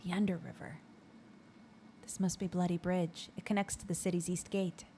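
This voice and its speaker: A woman voicing a polite, earnest young lady adventurer in a courteous, measured way. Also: on the low side, flat delivery, dark tone, slight background noise, lightly acted.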